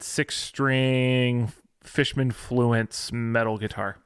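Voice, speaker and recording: A podcast co-host chats casually about gear news, hesitating often with many fillers and restarts. His voice sits on the low side, steady, creaky and slightly bright, at a normal pace. The studio-quality recording has no room sound.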